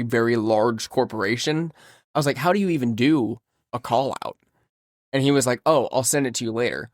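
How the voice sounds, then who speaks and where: A young man co-hosting a podcast, casually telling a story in an animated way while sick and feeling weak. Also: medium pitch, dry recording, clean studio sound. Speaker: podcast co-host. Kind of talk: casual chat.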